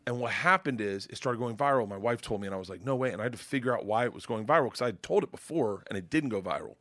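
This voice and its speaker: A male comedian telling a story on a podcast in a loud, profane, animated way. His voice is bright and swings widely in pitch. The recording is dry and close. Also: racing, dry recording. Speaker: comedian guest.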